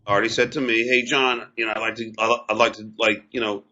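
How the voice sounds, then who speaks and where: A man defending himself on a talk show, telling a story with halting, stammered, repeated words. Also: lowish voice, level tone, sharp tone. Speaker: comedian and show host. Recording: dull lo-fi sound.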